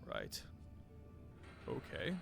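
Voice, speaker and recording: A man voicing a male head of council who speaks in a deliberate, questioning manner. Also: over music. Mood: measured.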